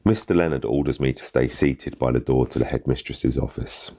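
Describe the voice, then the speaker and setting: Brief: adult man narrating a first-person story in street slang, voice very low and husky, bitter. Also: a little fast, darkish tone.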